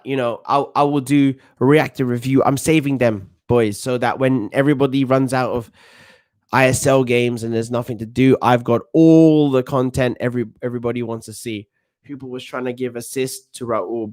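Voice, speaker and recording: A man in his thirties with a London accent and a medium-pitched, slightly mellow voice keeps up casual, confident commentary on a football watchalong stream. Along the way he reads the chat.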